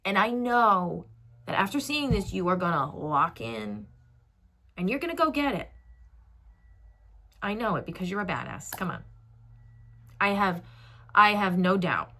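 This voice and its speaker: Slow, bright-voiced woman giving oracle encouragement. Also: medium pitch. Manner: slow, soft, affectionate, emotional encouragement. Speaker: tarot reader. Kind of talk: channeled oracle message to viewer.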